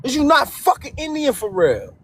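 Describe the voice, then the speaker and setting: A man's voice: very high-pitched, wildly swooping pitch, moderate pace. A young man taunting his friends in a voice chat, brash and repetitive, peppering every line with "yo" and insults. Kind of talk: trash-talking banter.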